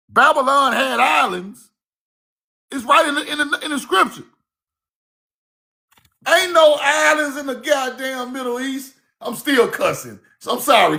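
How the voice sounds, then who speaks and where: A man giving a casual, fiery online lecture, cussing freely, repeating himself and shouting key words. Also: very high-pitched, gravelly. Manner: laughs at own points.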